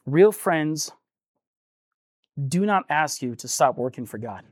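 Male preacher, slightly high voice, earnest and chatty, dry close sound. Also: expressive, slow, dry recording. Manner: conversational and earnest, acting out quoted voices. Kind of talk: sermon.

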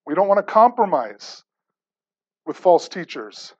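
Male pastor, high-pitched, preaches with repeated rhetorical questions and stammered restarts; dull lo-fi sound. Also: big pitch swings, unhurried, breathy edge. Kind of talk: sermon.

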